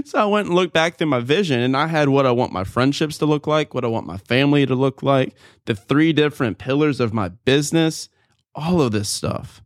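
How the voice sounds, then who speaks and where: A man hosting his podcast, telling a story in an energetic, casual monologue and jumping up in pitch when excited. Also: brisk, dry recording, clean studio sound. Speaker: podcast host.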